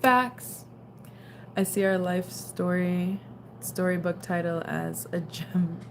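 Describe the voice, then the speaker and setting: A young woman hosts a relaxed late-night livestream, chatting loosely and answering comments in a tired, low-pitched voice. A faint hum of room ambience sits under her talk. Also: takes it slowly, gravelly. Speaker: livestream host. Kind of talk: casual livestream chat reading comments.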